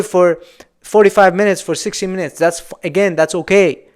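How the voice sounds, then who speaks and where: A young man delivers a solo football reaction rant, emphatic and repetitive as he vents his frustration. His voice sits a bit high and comes through smooth and clear. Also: fairly even intonation, normal speed. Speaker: football channel host.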